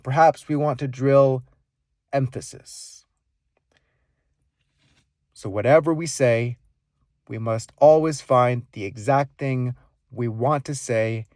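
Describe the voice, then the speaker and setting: A man teaching speaking skills, demonstrating volume, pitch and pauses as he explains them. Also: darkish tone, no echo, studio quality. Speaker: speaking coach. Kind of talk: instructional monologue with live demonstrations.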